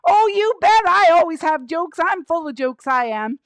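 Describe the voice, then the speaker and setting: A woman's voice: very high voice, lively intonation, normal speed, no room sound, voice pushed up. A woman voicing a cheerful female penguin puppet who loves telling jokes, in a bubbly, eager way. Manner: bubbly, eager joke-teller.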